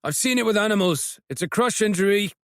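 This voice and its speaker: A man voicing a practical farmer who calmly takes charge at an accident. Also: high-pitched, quick pace, no room sound, clean studio sound, voice pushed up. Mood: firm.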